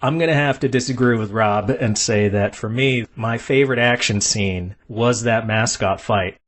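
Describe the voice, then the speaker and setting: Husky-voiced male podcast host. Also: medium pitch, normal speed. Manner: asks co-hosts questions, laughs often. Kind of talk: casual film podcast discussion.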